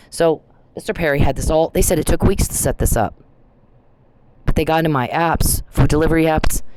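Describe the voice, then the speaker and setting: A man's voice: mid-range voice, noisy background. A man vlogging, speaking in a confrontational, accusing way straight to someone he blames. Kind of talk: monologue video addressing an absent person.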